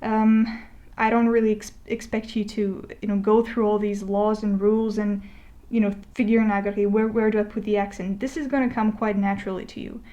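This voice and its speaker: A woman teaching a Spanish lesson as a voice-over, talking in a relaxed, conversational way with fillers and restarts, slowing down to spell out example words. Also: mid-range voice, dull audio. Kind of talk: explaining a lesson over a digital whiteboard. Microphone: voice-over recording.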